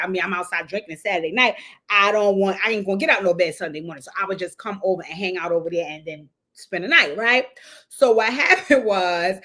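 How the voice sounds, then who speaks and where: A woman hosting a casual livestream, telling a loud, profane, animated story to her viewers. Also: medium pitch. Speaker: show host.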